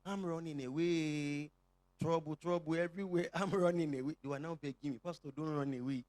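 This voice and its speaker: Nigerian pastor preaching and joking w the congregation, bit high voice, dry sound. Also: male voice, fast talker, no echo. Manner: lively, joking with the congregation, call-and-response. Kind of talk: sermon. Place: church.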